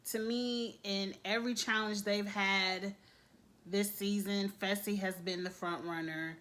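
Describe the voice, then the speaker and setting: An expressive woman speaks as she recaps a reality TV episode in casual chat. Her voice swings up and down, and she laughs often. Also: medium pitch, a little slow.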